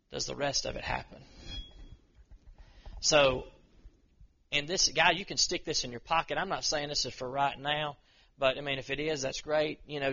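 A man preaching an informal sermon to a group of men, reading scripture slowly and then talking it through in plain, earnest words. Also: mid-range voice, vocal fry, sharp tone, lo-fi sound.

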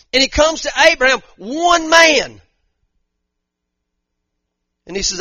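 A man's voice: very high-pitched, big pitch swings, takes it slowly, long pauses, bright, forceful tone, no echo, muffled recording. A pastor preaching a fervent sermon, repeating his points and using casual slang. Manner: fervent, repetitive preaching with Southern-style slang.

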